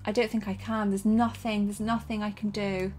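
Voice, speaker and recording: A young woman giving live commentary on her game, excitable and jumpy, gasping and swearing freely as she plays. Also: mid-range voice, normal speed, faint music behind. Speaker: streamer playing a retro shooter.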